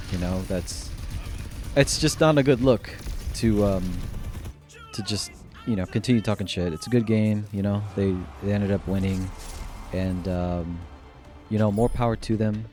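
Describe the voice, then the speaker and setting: A man giving casual commentary on his own game, rambling with lots of fillers and swearing freely. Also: on the low side. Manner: rambling, many fillers, slides into profane ranting. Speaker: gaming YouTuber. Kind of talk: casual gameplay commentary to camera.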